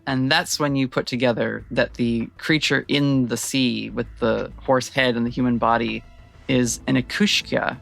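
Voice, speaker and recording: A man's voice: medium pitch, steady tone, unhurried, vocal fry, a bit bright, faint music behind. A man narrating a tabletop role-playing game as game master, describing scenes in a rambling way with frequent fillers.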